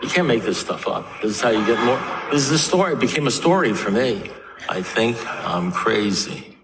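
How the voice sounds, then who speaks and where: A man's voice: medium pitch, expressive, quick pace, distant mic. A middle-aged man giving an earnest recovery talk in a meeting hall, telling stories and acting out the dialogue. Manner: earnest storytelling, acts out dialogue. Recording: echoey hall, faint noise.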